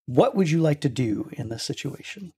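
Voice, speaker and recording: A young man narrating a tabletop game as game master, halting with many ums and uhs. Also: fairly high pitch, very animated, warm tone, breathy edge.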